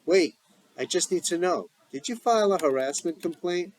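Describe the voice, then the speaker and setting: A man's voice: high-pitched, animated, normal speed, darkish tone, voice pushed up. A man playing an anxious middle-aged professor who speaks tensely and urgently.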